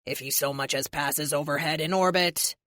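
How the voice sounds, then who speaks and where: A woman voicing a cold, polite male android villain leader in an audiobook, speaking in a slow, smug, measured way. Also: deep voice, steady tone, a bit bright, no room sound, clean studio sound, pitched below the performer's own voice. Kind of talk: audiobook character voice.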